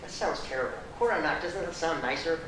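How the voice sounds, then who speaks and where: A man giving an animated, conversational lecture, quizzing the audience and adding blunt, sarcastic asides. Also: on the high side, a little fast. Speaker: guest speaker. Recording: echoey room, distant mic, faint noise.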